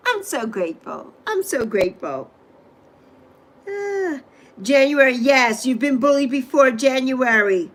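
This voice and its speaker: A woman's voice: high-pitched, very animated, measured pace, a little hiss or hum. A middle-aged woman hosting a casual livestream, greeting viewers by name and repeating phrases with gushing affection. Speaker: livestream host.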